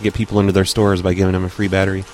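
Low-voiced guy rambling away in casual chat, laughs a lot, faint music. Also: monotone, racing, a little mellow. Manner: rambling, laughs easily, lots of fillers. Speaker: podcast co-host.

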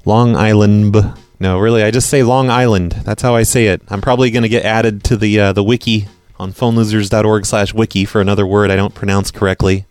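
A man's voice: on the low side, fairly even intonation, quick pace, few pauses, smooth, no room sound. An American man hosting a prank call show, chatting in a wry, offhand way. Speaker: podcast host.

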